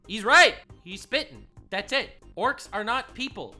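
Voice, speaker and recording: A man hosting a reaction video, excitable and profane in casual commentary. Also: sits high, a little slow, music in the background.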